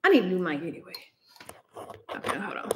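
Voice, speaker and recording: A woman's voice: fairly low pitch, sing-song, quick pace, noisy background. A young woman hosting a casual livestream, chatty and exclaiming, often laughing, talking into a laptop microphone. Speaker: livestream host.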